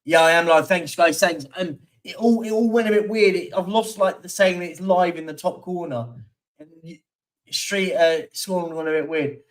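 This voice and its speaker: This is a man with a high-pitched voice and a moderate pace, recorded from some distance as he hosts a casual live stream. He rambles through football stats and viewer comments in a chatty way, using many fillers.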